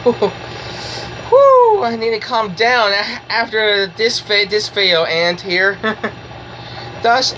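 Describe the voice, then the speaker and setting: Giggly, very slow-talking excited woman. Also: mid-range voice, a little hiss or hum, rough recording. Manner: gushing, giggly, repeats exclamations. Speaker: toy reviewer. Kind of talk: excited toy review vlog.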